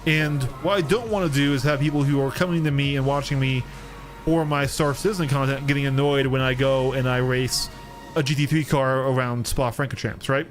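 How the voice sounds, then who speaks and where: A throaty, thick-voiced American man chats through a game stream into a studio mic. His words slur a little and he restarts sentences often, poking fun at himself. Faint music plays underneath, and his pitch sits in a middle range. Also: fairly even intonation, fairly quick. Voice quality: throaty, thick, slightly slurred. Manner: rambling, self-deprecating, frequent restarts. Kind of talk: casual chat while gaming. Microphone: studio microphone.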